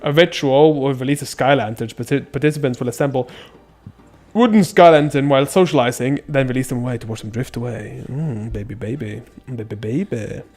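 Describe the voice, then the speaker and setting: A man streaming a game live, chatting casually with viewers, excitable and swearing often. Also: medium pitch, fairly quick.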